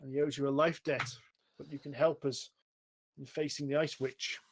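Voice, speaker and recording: Casting: man playing a gruff, formal barbarian king, solemn delivery, a touch higher than you'd expect. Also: level tone, normal speed, slight background noise, natural voice. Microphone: online voice call.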